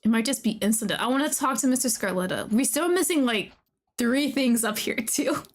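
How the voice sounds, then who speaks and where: A woman streamer commenting on a game as she plays, gushing, excitable and talking straight to the characters. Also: fairly high pitch, brisk. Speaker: VTuber streamer. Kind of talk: let's-play commentary.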